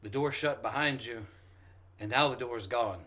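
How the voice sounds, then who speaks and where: A man's voice: mid-range voice, normal speed, sharp tone. A man acting as game master, opening a casual tabletop session with jokes and loose, rambling talk. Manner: joking, rambling with fillers.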